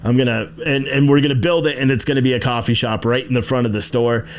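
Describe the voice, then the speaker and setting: Talking fast in a medium-pitched voice with fairly even intonation, a livestream host broadcasts from his shop. He rambles profanely, reads comments from chat, and promotes his business.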